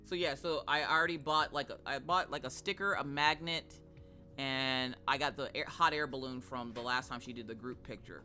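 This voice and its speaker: A chatty woman hosts a live stream. Her voice is bright and forward, and she greets viewers and laughs easily in casual talk. Faint music plays behind her. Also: rumbling low, moderate pace. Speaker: streamer host.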